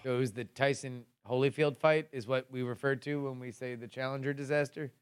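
A man's voice: mid-range voice, fairly even intonation, brisk, clear, resonant tone, no room sound. A man on a casual podcast, joking crudely and swearing a lot as a quiz contestant.

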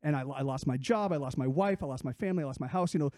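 Guy putting on a nice homeless dude, rambles on and on, mellow and dry. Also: on the high side, racing, dry recording, voice pushed down, lightly acted. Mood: earnest. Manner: rambling, repeats himself. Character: kindly homeless man on the street.

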